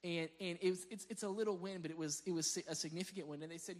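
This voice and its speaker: A high-pitched man races through a conversational sermon with few pauses, speaking as a pastor. He tells animated stories, laughs often, and repeats words each time he restarts a phrase.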